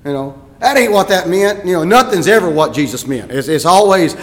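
A pastor telling a story in his sermon, animated and rising to shouts at times. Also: high voice, fairly quick. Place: church sanctuary. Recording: echoey church hall.

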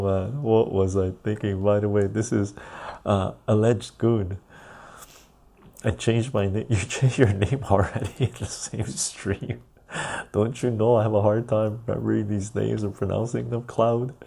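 A man's voice: low-pitched, vocal fry, warm tone, slightly rough. A man hosting a casual live stream, rambling as he reads viewer comments aloud and answers them. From Canada.

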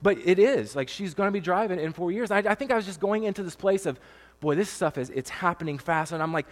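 Guy pastor in his 30s preaching, kinda high voice, chatty and emotional, lots of ums and restarts, big hall echo. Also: animated, quick pace. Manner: conversational and emotional, with frequent fillers and restarts. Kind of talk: sermon. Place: church stage with long reverb.

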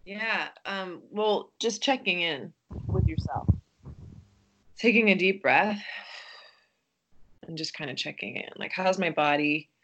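A woman with a slightly low voice speaks as a podcast guest. She is gentle and reflective, and she often pauses and hesitates as she works out her thoughts.

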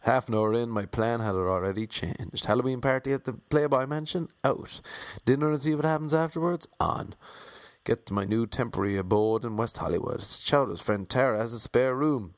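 An Irish man from Ireland narrating a comic travel story with wry, deadpan asides. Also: medium pitch, normal speed, no room sound.

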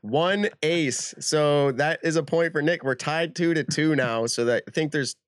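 A man's voice: a little high, a little slow, clean tone, no echo, studio quality. A man hosting a podcast game segment, laughing often and keeping the quiz moving with upbeat patter. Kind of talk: casual chat.

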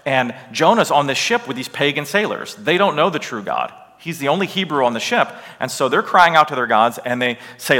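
A male Bible teacher lecturing with slides in an animated, emphatic way, often tossing in a rhetorical "right?". His tone is bright and forceful. A long reverb trails off after each phrase, as in a large hall. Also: fairly high pitch, brisk, hardly any pauses.

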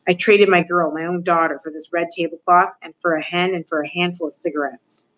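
A woman voicing a gruff, rough-spoken male prisoner in a read-aloud storybook. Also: lowish voice, fairly even intonation, fairly quick, a bit bright, natural voice, rough recording. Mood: remorseful.

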